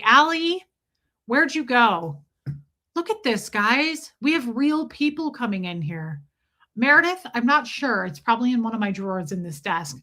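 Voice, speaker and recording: Chatty woman streamer gushing over her chat, bright forceful voice, a bit high. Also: measured pace. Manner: chatty, effusive, thanks viewers. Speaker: livestream host. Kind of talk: casual livestream chat.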